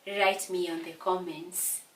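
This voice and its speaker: A woman with a Kenyan English accent teaching an exam revision lesson, explaining slowly and deliberately, with hesitations and repeated words. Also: on the low side, little pitch movement, a bit bright, distant mic, a little hiss or hum. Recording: echoey room, voice away from mic.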